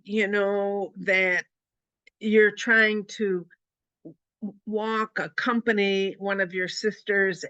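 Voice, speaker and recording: A woman presenting a webinar for religious leaders, teaching in a gentle, reflective way and often rephrasing her points. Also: mid-range voice, dry recording. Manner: gentle, repeats and rephrases, addresses listeners as sisters. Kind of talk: slow, reflective teaching talk.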